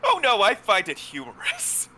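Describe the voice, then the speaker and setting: A man's voice: high-pitched, wildly swooping pitch, moderate pace, bright, forceful tone, a little hiss or hum, rough recording. A young man hosting a casual game playthrough with friends, rambling and joking with the odd swear. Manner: rambling, jokey, swears freely. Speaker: let's play host. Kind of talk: casual chat over gameplay.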